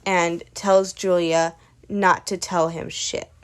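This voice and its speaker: A woman's voice: lowish voice, flat delivery, slow pace, smooth. A woman casually recapping a webcomic story in a rambling way, relaying each character with "and she's like.". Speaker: webcomic recap channel host.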